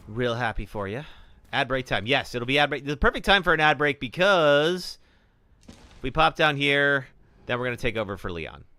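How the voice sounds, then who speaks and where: A man's voice: mid-range voice, pushed and bright, slight background noise. A man streaming a horror game live, chatting with viewers and reacting nervously as he plays. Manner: jittery, talks to chat. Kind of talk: live gameplay commentary.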